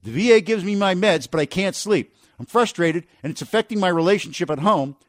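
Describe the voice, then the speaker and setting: A man hosting a business talk radio show, reading listener emails and giving brisk, opinionated editorials with rhetorical questions. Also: high voice, lively intonation, no room sound, studio quality.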